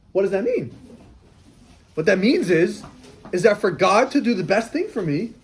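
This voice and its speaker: Lively rabbi teaching, man, high voice with wide swings, rhetorical. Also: rough recording. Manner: animated, rhetorical questions, acts out dialogues with God. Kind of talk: lively sermon.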